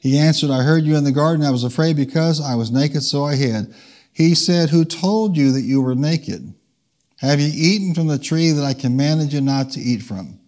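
A man's voice: on the high side, moderate pace, a little mellow. A man preaching a sermon, leading the congregation in call-and-response and changing his pace for emphasis. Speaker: pastor. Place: church.

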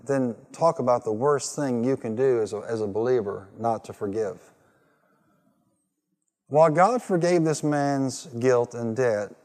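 A male pastor delivers a sermon with call-and-response, his ordinary mid-pitched voice rising to emphatic peaks. The sound carries a long reverb, as if recorded in a large church sanctuary. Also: a little mellow. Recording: reverberant hall.

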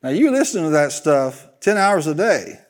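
A male pastor preaching a sermon, animated and joking, leading the congregation in call-and-response. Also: on the high side, moderate pace.

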